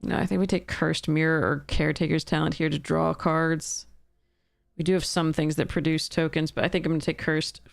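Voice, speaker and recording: A woman's voice: on the low side, creaky, no room sound, studio quality. A woman streaming a card game draft, thinking aloud in casual commentary and laughing at her own mistakes.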